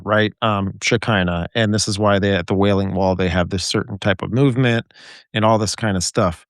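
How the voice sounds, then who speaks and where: Podcast host guy on a video call, kinda low voice, dry sound, rambly, thinks out loud. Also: no echo. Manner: rambling and speculative, many fillers and restarts. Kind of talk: casual conversation on a podcast.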